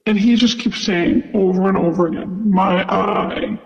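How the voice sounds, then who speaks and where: A man's voice: high voice, moderate pace, darkish tone. A man who works as a flight attendant telling a story casually, full of "like" and "you know". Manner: chatty, lots of "like" and "you know". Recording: dull sound with long reverb.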